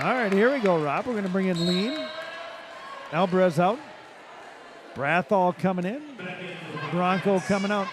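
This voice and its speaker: A man doing play-by-play of a high school volleyball match, calling plays quickly and shouting on big points. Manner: rapid calls that rise to shouts at big plays. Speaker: play-by-play announcer. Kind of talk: volleyball commentary. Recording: loud crowd and gym noise.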